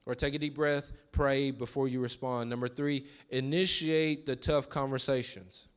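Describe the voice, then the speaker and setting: A man's voice: mid-range voice, fairly even intonation, normal speed, clean tone. A man, preaching a sermon to a congregation and repeating key lines for emphasis. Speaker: pastor. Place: church sanctuary.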